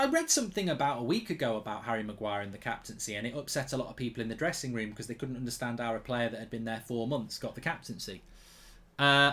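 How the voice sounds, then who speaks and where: A man hosting a live football watchalong, reading chat messages and reacting excitedly to goals. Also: medium pitch. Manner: excitable, bursts out loud when goals go in.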